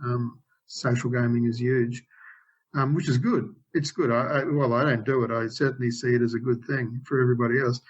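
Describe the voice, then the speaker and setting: A man's voice: medium pitch, fairly even intonation, a little fast, slightly rough, highs cut off. A man in his sixties, a game developer, telling stories in a casual interview and often stopping to restart or correct himself. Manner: rambling, frequent restarts and self-corrections.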